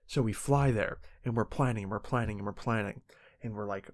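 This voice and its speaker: Young man from canada, lowish voice, rambling improv storyteller, dry close sound. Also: moderate pace, no room sound. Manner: rambling, joking, with many restarts. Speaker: podcast co-host.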